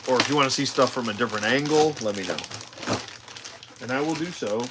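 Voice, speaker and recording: A man's voice: medium pitch, brisk, noisy background. A tired man chatting casually while he unboxes a toy live, rambling with self-deprecating asides. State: tired, yawning.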